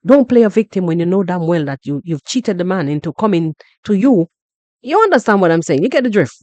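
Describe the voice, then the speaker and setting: A Jamaican woman hosting a podcast, talking through a story in an animated, repetitive way and often asking "you understand?". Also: on the low side, brisk, dry recording. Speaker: podcast host. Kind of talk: casual commentary monologue.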